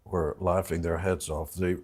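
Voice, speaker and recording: A man, a guest in an interview, telling a personal story in a reflective, halting way full of restarts. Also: sits low, flat delivery, darkish tone, husky. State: emotional.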